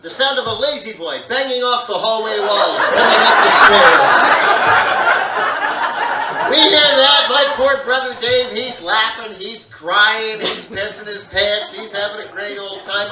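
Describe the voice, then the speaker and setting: High-voiced man doing stand-up. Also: normal speed. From Canada. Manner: loud, animated storytelling with shouted character voices. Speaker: stand-up comedian. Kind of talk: stand-up comedy set. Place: live theater stage. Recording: echoey live theater, distant mic, noisy. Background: audience laughter.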